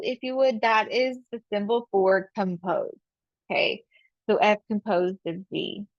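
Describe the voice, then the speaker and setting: A woman's voice: medium pitch, no room sound, dull audio. A woman math teacher in a recorded video lesson, talking through each step aloud, asking and answering her own questions and repeating key phrases.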